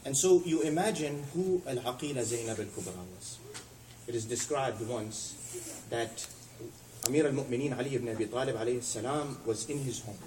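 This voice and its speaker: A man's voice: moderate pace, distant mic, background noise. Man preaching in an echoey hall. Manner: storytelling lecture, acting out quoted speakers with rising and falling pitch. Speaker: speaker at a religious center. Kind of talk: sermon.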